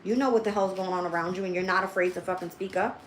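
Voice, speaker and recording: A woman's voice: lowish voice, steady tone, fast, reverberant, slight background noise, poor audio. Blunt, foul-mouthed woman tarot reader. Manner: blunt and heavily profane; thinks aloud, talking straight to viewers. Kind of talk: livestream tarot reading.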